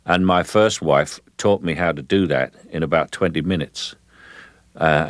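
A man's voice: extremely low pitch, dry recording. An older man with a London Cockney accent, an actor guest in a radio interview, telling stories in a rambling, hesitant way and breaking off to demonstrate voices. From England.

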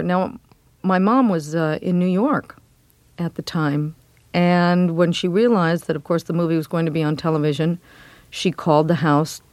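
A woman's voice: on the low side, no echo. Reflective middle-aged woman, dry close sound. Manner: measured and reflective, with frequent ums. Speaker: guest, memoir author. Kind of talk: interview conversation.

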